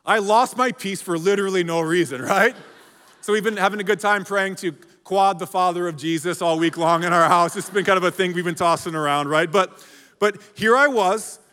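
A man in his forties, a pastor, preaching a sermon to a church in an energetic, joking way and calling out to the congregation. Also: sits high, brisk. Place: large church auditorium. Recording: long hall reverb.

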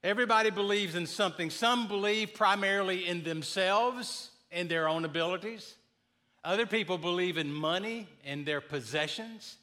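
Bright high-voiced male pastor preaching. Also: a little slow. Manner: warm storytelling, builds to emphatic preaching. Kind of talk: sermon with jokes. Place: church sanctuary.

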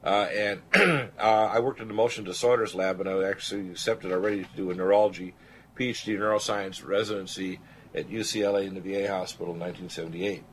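A man's voice: sits low, fast talker, a little hiss or hum. An older man and radio show host telling a personal story with earnest conviction, acting out the voices of people he quotes. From Canada. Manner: earnest, animated testimony, quoting others.

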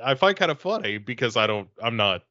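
A man co-hosting a podcast, chatting in a relaxed, hesitant way. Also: mid-range voice, a little fast, no room sound. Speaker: podcast co-host. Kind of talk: casual chat. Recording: dull dry podcast recording.

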